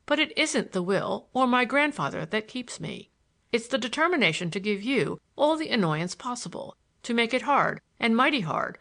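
A woman's voice: a little high, a bit bright. A woman voicing a defiant, sardonic young man.

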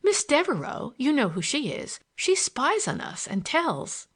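Heavily acted by a woman reader, this audiobook character is a teasing young woman who chatters lightly and mockingly, quick and out of breath. Her lilting voice leaps high and varies widely across phrases.

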